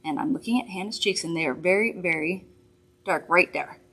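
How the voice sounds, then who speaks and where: A woman's voice: fairly low pitch, a little fast, fairly bright tone, slightly rough. A woman hosting a live makeup demonstration from a studio, chatty, upbeat and reassuring as she works. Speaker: makeup host.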